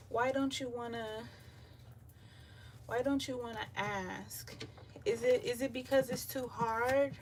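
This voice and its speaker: Faint beach waves wash in through open windows as a woman does a live tarot reading from her seaside home. Her slightly high voice is slow, breathless and casual, with many filler ums, and she's positioned a bit far from the mic.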